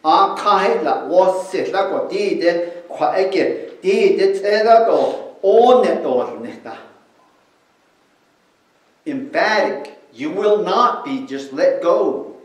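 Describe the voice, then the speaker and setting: Slow, emphatic preacher in a roomy space. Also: male voice, sits high, animated. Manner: slow, emphatic teaching, alternating English with another language. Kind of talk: bilingual sermon with interpretation. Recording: roomy and distant from the mic.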